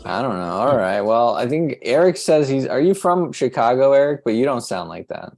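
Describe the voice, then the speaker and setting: Gravelly male host, teasing questions. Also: mid-range voice, big pitch swings, moderate pace, darkish tone, soft background music. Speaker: host of online comedy show. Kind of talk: casual hosting banter. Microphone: video call.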